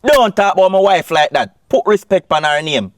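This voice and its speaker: A man's voice: lowish voice, brisk, no echo, natural voice. Guy playing jamaican cheating boyfriend, sweet-talks then gets bossy, dry close sound. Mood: defensive. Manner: Patois speech, swings from sweet-talk to scolding. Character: smooth-talking cheating boyfriend, bossy and defensive. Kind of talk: film drama acting.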